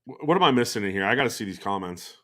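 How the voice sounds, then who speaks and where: A man's voice: on the low side, animated, rapid-fire, sharp tone. A man hosting a podcast in loose, rambling casual chat, swearing freely. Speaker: podcast host.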